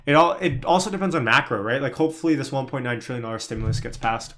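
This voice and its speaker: A man's voice: medium pitch, fast, a bit bright, slight background noise. A man hosting a live trading stream, chatting casually through market commentary and answering viewers as he thinks aloud. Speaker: livestream stock trading host.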